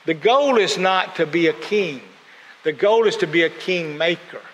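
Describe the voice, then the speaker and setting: A man's voice: on the high side, moderate pace, a bit bright. A man preaching a sermon, telling stories and acting out the voices of people he quotes. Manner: storytelling, acts out quoted voices. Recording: long hall reverb, faint noise.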